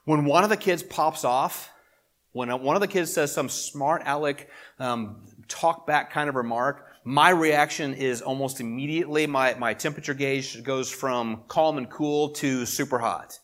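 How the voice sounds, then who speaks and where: A middle-aged man preaches to his congregation in an easy, talking manner. He leans hard into key points and then pulls back to quiet, almost confiding asides. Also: medium pitch, a little slow. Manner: conversational preaching with emphatic swells and quiet asides. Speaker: pastor. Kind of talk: sermon.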